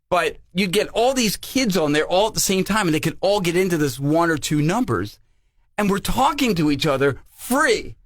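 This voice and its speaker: A man's voice: fairly high pitch, dry recording, clean studio sound. A man from New Jersey co-hosting a casual podcast, telling stories with acted-out voices and sounds. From New Jersey, near Philadelphia. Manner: animated storyteller, acts out voices and sounds. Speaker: podcast co-host.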